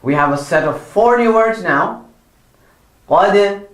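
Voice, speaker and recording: Slow, patient man teaching pronunciation. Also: high-pitched, animated, fairly bright tone, echoey room. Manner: drawn-out model words, repeated corrections, encouraging praise. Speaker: Quran recitation teacher.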